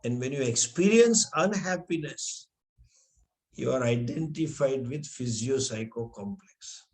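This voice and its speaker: A man teaching scripture, explaining slowly with Sanskrit terms and frequent restarts. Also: mid-range voice, lively intonation, a little mellow. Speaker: spiritual teacher. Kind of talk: scripture lecture.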